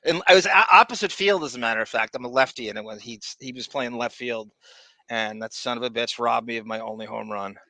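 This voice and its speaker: A man's voice: mid-range voice, fairly quick, long pauses, sharp tone, no room sound. A man hosting a podcast, rambling crudely and greeting viewers in chat. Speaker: podcast host.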